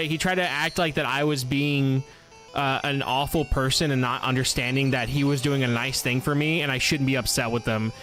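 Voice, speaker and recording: A man's voice: medium pitch, fairly bright tone. A young man streaming a game, chatting casually and telling a long, profane, rambling story to his viewers. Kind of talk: casual live-stream chat over gameplay.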